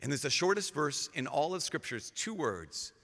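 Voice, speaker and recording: A man, a priest, giving a lively storytelling talk with casual fillers, acting out quotes in changing voices. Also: a little high, quick pace, vocal fry. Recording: live talk with long hall reverb.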